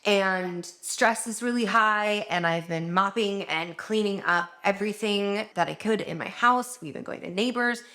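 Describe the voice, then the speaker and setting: A woman's voice: mid-range voice, a little slow, few pauses, bright, forceful tone. A woman, a doctor, talking openly in a personal vlog from her home, rambling and emotional, tired and close to tears. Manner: open, rambling and emotional, many fillers. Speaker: doctor and vlogger.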